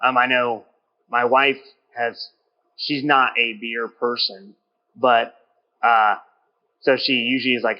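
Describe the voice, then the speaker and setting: A man's voice: medium pitch, level tone, moderate pace, dull audio. Chatty man host in a brewery. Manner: rambling, chatty, with many restarts. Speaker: podcast host. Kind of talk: casual interview chat. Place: brewery taproom.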